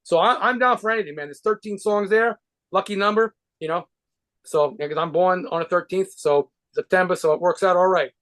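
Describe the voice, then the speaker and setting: New guy with a highish voice, rambling and cursing through a casual interview, lots of restarts. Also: a little fast, fairly bright tone. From New York. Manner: rambling, profane, with frequent restarts and laughs. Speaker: guitarist and band leader being interviewed.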